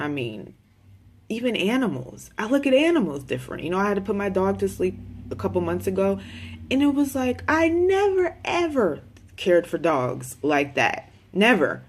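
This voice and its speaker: Frank, talkative mom speaking in a home video diary, direct and casual. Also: female voice, on the low side. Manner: candid and talkative, with many repeated words; direct, with folksy slang. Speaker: mother of a special needs child.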